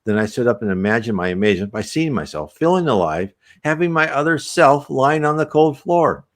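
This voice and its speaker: A man's voice: mid-range voice, sing-song, brisk, pitched above the performer's own voice, close to an everyday voice. A man reading aloud as the confused spirit of a newly dead man, bewildered and pleading. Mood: insistent.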